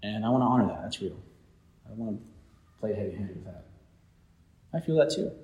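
A man's voice: fairly low pitch, lively intonation, a little fast, warm tone, roomy sound, dull audio. A man, probably a pastor, preaching a sermon and telling a personal story in an earnest way, restarting his sentences often.

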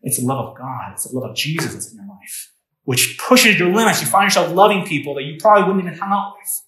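A man's voice: fairly high pitch, lively intonation, fast, sharp tone, reverberant, rough recording. A man preaching a sermon as pastor, in a conversational way that asks the congregation questions. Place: church.

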